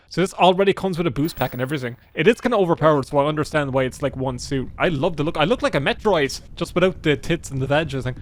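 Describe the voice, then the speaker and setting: A man's voice: a little high, quick pace, hardly any pauses, no echo. A man giving casual, irreverent commentary over gameplay, chatty and swearing a lot. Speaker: gaming video host.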